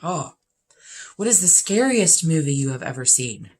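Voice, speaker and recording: Her voice sits low, a little mellow and sing-song, at a moderate pace. The woman, a vlogger in her fifties, answers a list of questions in a casual chat, and she's blunt and opinionated, stressing her points plenty.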